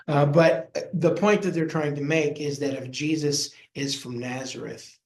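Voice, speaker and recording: Leading a Bible study, a middle-aged man who pastors speaks at a measured pace in a fairly high, gravelly voice with a steady tone. His folksy style includes acting out voices from the story, and the room echoes.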